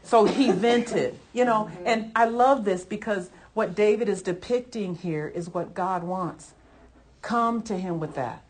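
A woman preacher giving a Sunday sermon, emphatic, acting out heated prayers and then settling into calm teaching. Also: mid-range voice, measured pace. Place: church service.

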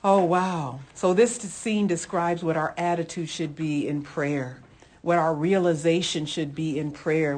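A woman's voice: low voice, slight background noise. A woman leading an informal Bible study, speaking fervently and often exclaiming.

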